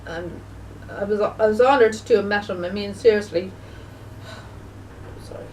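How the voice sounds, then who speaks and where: Emotional woman talking haltingly, mic set back. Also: mid-range voice, darkish tone, recorded from a distance, a little hiss or hum, low-quality recording. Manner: halting, repetitive, many fillers and restarts. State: emotional, grieving. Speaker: video blogger. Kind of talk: casual spoken remembrance.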